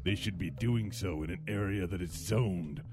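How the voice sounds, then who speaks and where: A man voicing a petty, sinister neighbor in a low, mock-formal tone. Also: normal speed, music in the background. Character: sinister petty male neighbor scolding kids.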